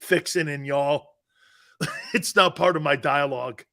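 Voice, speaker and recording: A middle-aged man hosts a sports talk show in a loose, joking way. His voice sits a touch higher than most men's. He laughs often, trails off and restarts his sentences as he banters with his crew. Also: unhurried, gravelly, pushed and bright.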